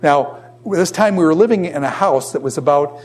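A man's voice: fairly high pitch, expressive, moderate pace, darkish tone. A man in his fifties teaching a class in a conversational lecture, repeating his points and acting out quoted voices.

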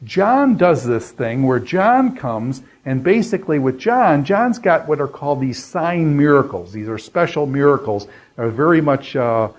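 A man's voice: on the high side, big pitch swings, measured pace, dull audio. A man teaching a Bible lecture in a loose, conversational way, with fillers and restarts as he works through passages. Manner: conversational, many fillers and restarts, quotes scripture. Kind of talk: unscripted classroom lecture.

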